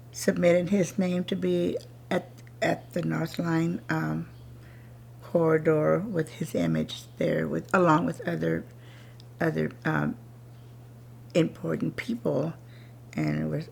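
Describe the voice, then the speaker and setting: A woman speaks in an interview about her family's legacy in a halting, proud way. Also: on the low side, gravelly, a little mellow. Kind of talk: personal oral-history account.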